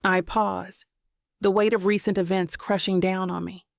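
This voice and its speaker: A woman narrating a romance audiobook in the first person, steady and intimate. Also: medium pitch, moderate pace, vocal fry, no room sound, studio quality.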